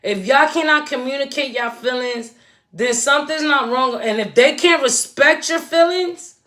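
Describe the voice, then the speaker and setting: A woman's voice: high voice, normal speed, fairly bright tone. A woman in her forties, hosting a casual livestream chat, talking straight to her viewers in a chatty, emphatic way. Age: 40s. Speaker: livestream host.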